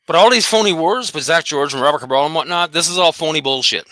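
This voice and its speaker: Host: man, high bright voice, rapid profane rant, dry close mic. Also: no echo. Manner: profane, combative, taunting. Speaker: host of a dog behavior channel. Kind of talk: angry solo rant.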